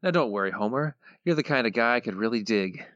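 A man's voice: medium pitch, lively intonation, quick pace, a bit bright, no echo, natural voice. A man voicing a scheming, gloating elderly male tycoon boss, reading the lines with mock menace. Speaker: podcast co-host. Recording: dull, lo-fi sound.

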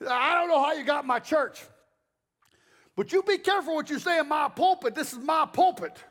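A man's voice: very high-pitched, lively intonation, fairly quick, fairly bright tone, big-room sound, pitched above the performer's own voice. A man voicing a stern older male pastor who speaks with commanding warnings.

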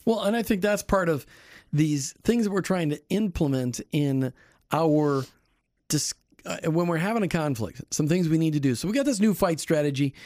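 Animated, emphatic man hosting Christian radio. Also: on the high side, no echo, clean studio sound. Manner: animated, emphatic, lightly preachy. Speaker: radio co-host. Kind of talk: Christian marriage radio talk.

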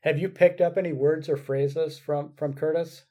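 A man's voice: fairly high pitch, steady tone, moderate pace, warm tone. A man hosting a podcast, asking questions in a chatty way and laughing easily. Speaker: podcast host. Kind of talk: casual podcast interview.

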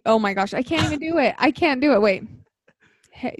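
A woman's voice: high voice, lively intonation, a little fast, dry recording, studio quality. Bubbly young woman co-hosting a podcast. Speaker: podcast co-host. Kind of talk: casual podcast chat.

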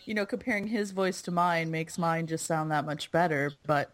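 A woman's voice: sits low, moderate pace. A woman with an American accent co-hosting a comedy podcast, amused and dry. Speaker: podcast co-host.

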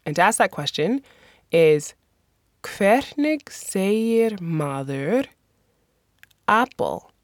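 A woman with a slightly low voice gives a language lesson at an unhurried pace. She is patient and encouraging and repeats each phrase slowly so the learner can copy it. The sound is dry and close, with no room around her. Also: no echo. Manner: patient, encouraging, slows down to model pronunciation. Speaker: language teacher. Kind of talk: phrase lesson with slow repetition.

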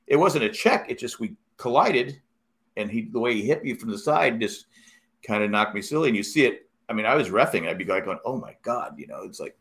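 A middle-aged man in casual chat, telling rambling, animated stories with many restarts. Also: mid-range voice, brisk.

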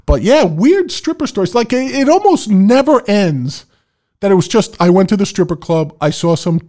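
A man's voice: high-pitched, big pitch swings, moderate pace, dark tone. A man casually telling a long anecdote as a podcast co-host, rambling and laid-back with lots of fillers. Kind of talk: casual storytelling chat.

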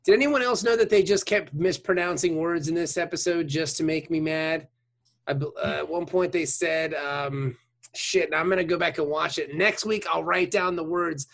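Gravelly man in casual banter. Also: a little high. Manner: jokey, animated, trails off when unsure. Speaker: podcast co-host. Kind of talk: casual chat.

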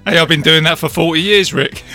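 Bright-voiced man hosting a podcast. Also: fairly high pitch, a little fast, faint music behind. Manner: chatty, friendly, laughs often. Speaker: podcast host. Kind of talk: casual podcast chat.

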